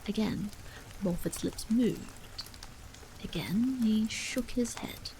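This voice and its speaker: Slow, soft-spoken woman storyteller. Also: medium pitch, a little hiss or hum, poor audio. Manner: soft, half-whispered sight reading. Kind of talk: ASMR bedtime story reading.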